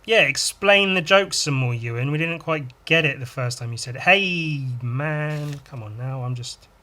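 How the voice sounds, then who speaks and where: A man's voice: a little high, moderate pace, pushed and bright. A man hosting a drawing podcast, rambling on his own and telling crude, self-mocking jokes while he works. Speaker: podcast host and illustrator. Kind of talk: casual drawing-podcast monologue.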